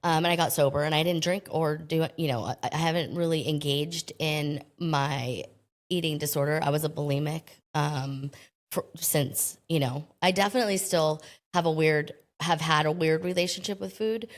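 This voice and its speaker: Low-voiced, candid, chatty American woman. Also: normal speed. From United States. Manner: candid and chatty, often acting out quoted voices; self-deprecating humor. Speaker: podcast guest. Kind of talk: casual interview storytelling.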